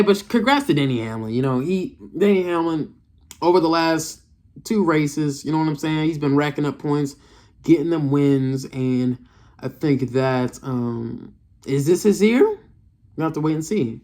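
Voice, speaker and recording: A man's voice: medium pitch, normal speed, darkish tone. Young male reviewer, frustrated off-the-cuff rant full of slang and swearing. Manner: frustrated, slangy, profane, repeats himself. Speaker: race reviewer. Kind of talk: casual rant to camera.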